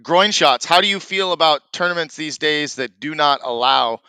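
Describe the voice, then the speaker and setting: A man's voice: on the high side, normal speed, bright, forceful tone, smooth, no room sound. A man hosting a live interactive podcast, asking the guest questions and addressing viewers. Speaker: podcast host.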